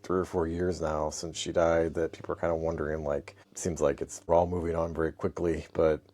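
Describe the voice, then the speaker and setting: A man's voice: rumbling low, flat delivery, fairly quick, a little mellow. An American man co-hosting a casual podcast, reading out listener questions and answering them at length. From United States. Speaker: podcast co-host. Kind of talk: casual chat.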